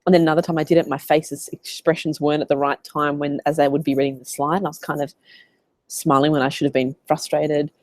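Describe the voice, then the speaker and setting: An Australian woman coaching in a casual live Q&A, chatty and animated as she tells stories. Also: low-pitched, fast, no room sound. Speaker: business coach.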